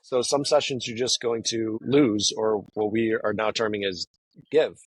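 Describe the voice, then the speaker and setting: A man's voice: fairly low pitch, fairly even intonation, unhurried, husky, rough recording. A man talking casually as an interview guest, rambling with many fillers and restarts. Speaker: guest, professional poker player. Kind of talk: casual conversation.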